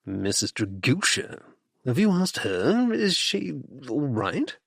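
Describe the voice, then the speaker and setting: A man voicing a blustering, jocular middle-aged aristocratic duke in an audiobook, gruff and clipped. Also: medium pitch, big pitch swings, takes it slowly, a bit bright, dry recording, clean studio sound, exaggerated voice.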